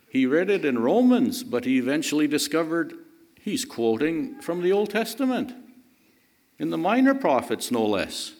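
A man's voice: fairly high pitch, big pitch swings, moderate pace, darkish tone. A man preaching a sermon, emphatic and repeating key phrases for stress.

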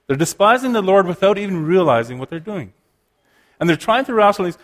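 A man's voice: high-pitched, very animated, fast talker. A man preaching a sermon, explaining scripture earnestly and often restarting his phrases.

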